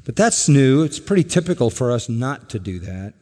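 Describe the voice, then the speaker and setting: A man preaching a sermon as pastor, emphatic, rising to loud declarations and sinking to low, drawn-out endings. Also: very animated, long reverb tail.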